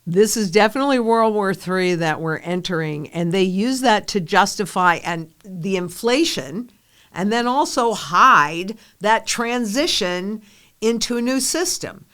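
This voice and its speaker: A woman's voice: mid-range voice, animated, unhurried, fairly bright tone, clean tone. A woman in her fifties hosting an interview, asking questions conversationally and agreeing with her guest. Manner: conversational, agreeable, short affirmations. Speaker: interview host.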